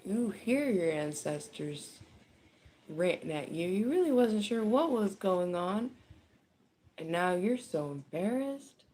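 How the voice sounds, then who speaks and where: A woman giving a casual tarot reading, chatty and animated, with frequent laughter and swearing. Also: mid-range voice, takes it slowly. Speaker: tarot reader. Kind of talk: casual spoken card reading.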